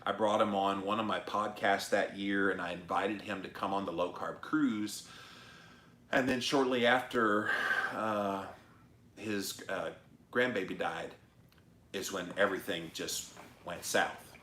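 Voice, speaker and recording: Animated man hosting a live-stream chat. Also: low-pitched, a little slow. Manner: animated, emphatic, chatty. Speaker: host of a live-stream show. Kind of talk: casual livestream chat reading comments. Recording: echoey room.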